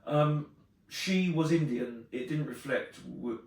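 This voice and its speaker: A man's voice: fairly high pitch, slow, darkish tone, far from the mic. A man co-hosting a live podcast, chatty and wry, laughing often. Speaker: podcast co-host. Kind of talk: casual live podcast chat. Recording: very echoey room, off-mic.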